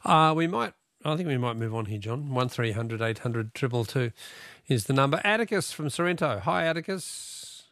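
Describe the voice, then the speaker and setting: A man's voice: medium pitch, expressive, moderate pace, a bit bright, no room sound, clean studio sound. A middle-aged Australian man hosting a talkback radio quiz, chatty and joking with callers. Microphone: studio microphone.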